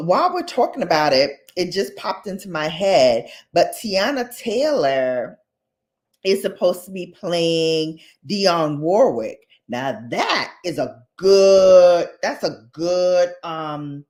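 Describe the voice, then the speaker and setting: Gossipy woman chatting slowly, lively pitch. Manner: chatty, gossipy, animated asides to viewers. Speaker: beauty vlogger. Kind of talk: casual chat.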